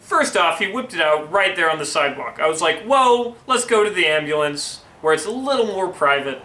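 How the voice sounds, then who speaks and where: A young man retells a friend's story with wry asides and loose, rambling tangents. His voice is bright and sits a little high. The recording is echoey, with a faint hiss behind it. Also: lively intonation, fairly quick. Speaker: host reading a friend's story. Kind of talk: casual comedic storytelling. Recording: echoey room with faint noise.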